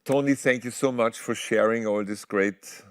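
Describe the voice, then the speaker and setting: A man's voice: mid-range voice, steady tone, normal speed, smooth. A man, a German speaker, hosting a talk show and courteously closing the interview. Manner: formal, courteous thanks. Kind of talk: interview sign-off.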